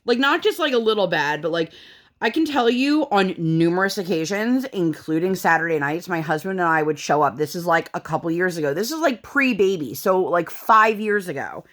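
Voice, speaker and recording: A woman in her thirties chatting casually while she crafts, acting out the people in her story with big jumps in her voice. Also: normal speed. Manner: animated storytelling, acts out dialogue with big pitch jumps. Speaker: craft vlogger.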